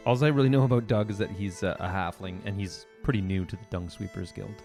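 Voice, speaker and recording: A lower-pitched man chatting through a tabletop game. His talk wanders and circles back, and faint music sits behind him. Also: steady tone, fast, gravelly, a little mellow. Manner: rambling, hesitant, full of restarts. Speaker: player.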